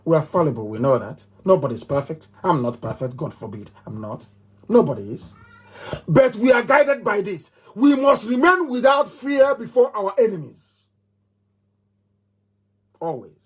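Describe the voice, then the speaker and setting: A middle-aged Nigerian-accented man delivers a live political address. His voice is high-pitched and husky. He drives his points home by repeating them and breaks into scornful laughter. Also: big pitch swings, moderate pace. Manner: emphatic and repetitive, with mocking laughs. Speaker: movement leader giving a broadcast.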